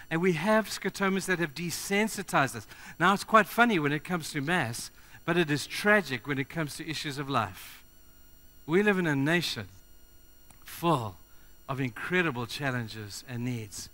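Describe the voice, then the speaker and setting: Bright-voiced preacher delivering a sermon. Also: male voice, a little high, moderate pace. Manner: animated, shifts from loud urgency to quiet earnestness; addresses the congregation directly.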